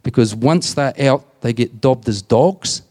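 A man's voice: medium pitch, unhurried, a little mellow. A man with an Australian accent, a prison chaplain telling plain-spoken stories to a group and retelling conversations. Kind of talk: storytelling talk to a group.

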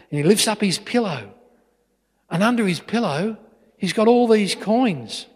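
A middle-aged Australian man giving a storytelling witness talk in a church, animated and full of restarts. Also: high voice, measured pace, slightly rough. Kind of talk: storytelling sermon. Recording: long church reverb.

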